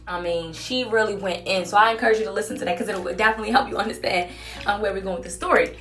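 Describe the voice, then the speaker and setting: A woman's voice: mid-range voice, steady tone, rapid-fire, fairly bright tone, soft background music. Candid woman telling a casual story. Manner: candid, conversational, fillers like "like" and "you know".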